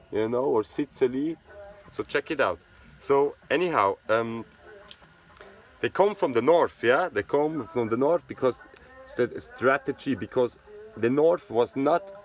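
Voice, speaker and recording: A man with a Swiss German accent, a native Swiss German speaker from Switzerland, giving a rambling casual history talk with constant "yeah?" tag questions. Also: mid-range voice.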